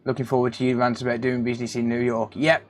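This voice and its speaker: A man's voice: medium pitch, quick pace, a little hiss or hum. A man hosting a casual live stream, reading out viewers' names and calling them mate. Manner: relaxed, greets chat viewers by name, calls them mate. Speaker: live stream host, repair technician.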